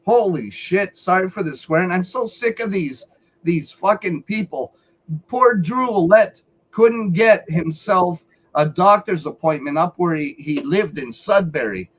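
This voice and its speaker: A man's voice: sits high, expressive, a little slow, breathy edge, rough recording. A man giving a heated, profane rant on a live stream, repeating himself as he talks. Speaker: featured speaker on a live call-in show.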